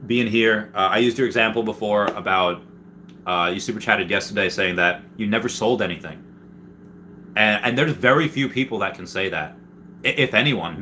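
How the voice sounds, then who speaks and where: A man hosting a casual livestream, reading viewer comments and rambling excitedly, with many restarts and jokes. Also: lowish voice, slight background noise. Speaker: livestream host reading chat.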